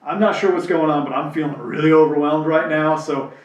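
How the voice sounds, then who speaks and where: A man's voice: fairly high pitch, fairly even intonation, brisk, far from the mic. A man from New Jersey chatting candidly and reflectively, acting out quoted voices as he tells stories. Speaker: podcast co-host. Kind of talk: casual chat. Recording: roomy, mic set back.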